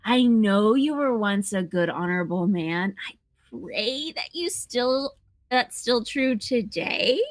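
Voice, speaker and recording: A woman voicing an anonymous letter writer in a put-on French accent, reading slowly and melodramatically. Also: fairly low pitch, steady tone, a bit bright, no room sound, voice pushed down, natural voice. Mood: pleading. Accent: mock French accent. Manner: slow, deliberate, melodramatic line reading. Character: anonymous letter writer warning a businessman, grave and advising.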